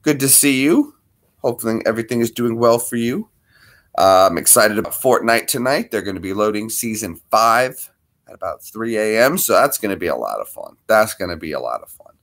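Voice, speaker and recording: A man's voice: on the low side, animated, brisk, a bit bright. A man hosting a casual livestream, greeting viewers by name and talking to his dog between topics. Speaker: livestream host.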